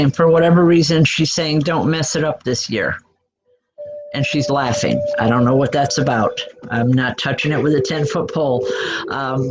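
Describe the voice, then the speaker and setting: A woman's voice: extremely low pitch, low-quality recording. A woman medium giving spiritual readings to an audience, chatty and blunt, with self-deprecating asides. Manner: blunt, direct.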